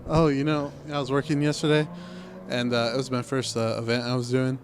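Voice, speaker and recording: A young man, a podcast co-host, tells a casual, laid-back story on a podcast recorded in a car, acting out what people said. His voice is medium-pitched and flat, and he speaks briskly. Slight background noise is present.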